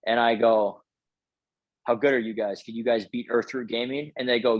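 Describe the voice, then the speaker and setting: A man's voice: mid-range voice, steady tone, normal speed, no room sound, dull audio. A man telling a casual, profane story full of filler words as a podcast guest.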